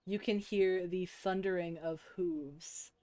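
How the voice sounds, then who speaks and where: Low-voiced woman narrating as game master. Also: fairly even intonation, takes it slowly, very noisy.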